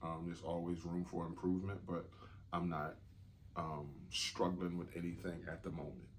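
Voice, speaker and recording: A man co-hosting a podcast in casual chat, laid-back and candid, joking often and filling pauses with "um". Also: sits low, level tone, slight background noise. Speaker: podcast co-host.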